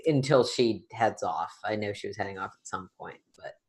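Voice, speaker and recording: A woman's voice: a bass voice, normal speed, darkish tone. A woman playing a tabletop game, chatting casually with wry comments. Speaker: player.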